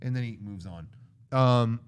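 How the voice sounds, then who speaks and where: A man in his thirties co-hosting a casual movie chat, recapping the plot and acting out scenes with sudden shouted lines. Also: medium pitch, unhurried, clear, resonant tone. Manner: animated storyteller, acts out scenes with sudden shouted quotes. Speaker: co-host of a movie discussion show.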